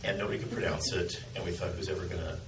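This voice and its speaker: A man's voice: sits low, steady tone, very fast. A man, a film producer, reflectively telling anecdotes in an interview at a public event. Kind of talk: conversational interview answers. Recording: echoey, distant, noisy event hall.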